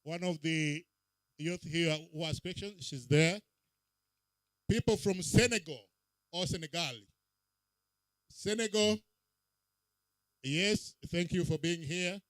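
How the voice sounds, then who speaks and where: A man emceeing an event, his voice pitched a little high and carried dry and close over a handheld mic. He calls out names with punchy rising emphasis, as if to a crowd. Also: takes it slowly, pauses often, no room sound. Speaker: master of ceremonies. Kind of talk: event emcee roll call. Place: outdoor public event.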